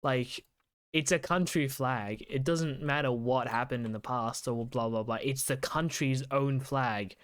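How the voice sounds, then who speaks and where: A young man chatting casually while playing a game, talking in long rambling runs full of fillers. His voice is smooth and clear. The sound is dry and close, with no room around it. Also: medium pitch, steady tone, a little slow, dry recording. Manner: rambling, many fillers and blah blah. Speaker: podcast co-host. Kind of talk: casual chat while gaming.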